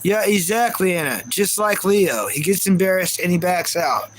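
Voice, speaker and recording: A man's voice: high voice, lively intonation, moderate pace, poor audio. A man hosting a casual live stream, ranting in reaction and repeating himself while talking to his chat viewers. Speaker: livestream host.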